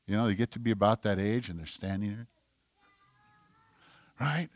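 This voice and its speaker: A male pastor preaching a sermon, animated, swinging between forceful delivery and near whispers. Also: fairly low pitch, moderate pace, no echo.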